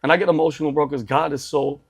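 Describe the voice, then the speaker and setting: A man's voice: on the high side, fairly even intonation, quick pace, vocal fry, slightly rough. A man in his forties telling his story as a podcast guest, emphatic and repetitive, saying "bro" and "dude" often. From Assyrian family. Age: 40s.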